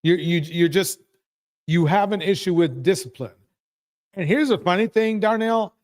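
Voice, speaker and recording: A man's voice: high voice, moderate pace, a little mellow. A man hosting a live talk stream, asking his panel pointed questions. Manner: probing, asks pointed questions.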